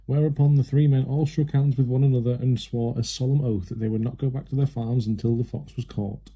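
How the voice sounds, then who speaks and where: A man narrating a children's storybook aloud with a steady, lively manner. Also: medium pitch, brisk, breathy edge. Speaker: reader.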